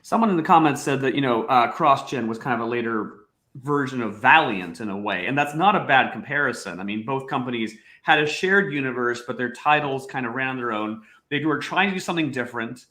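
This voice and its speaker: A man who is a guest on a casual video-call podcast, speaking in a measured, thoughtful way. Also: medium pitch, animated, sharp tone. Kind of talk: casual comic-book chat. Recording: echoey room.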